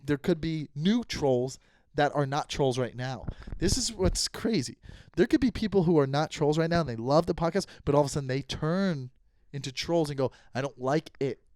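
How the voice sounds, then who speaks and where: A man's voice: a little high, normal speed, darkish tone. A man hosting his own comedy podcast, talking in a casual, rambling, mock-earnest way and stumbling over his words.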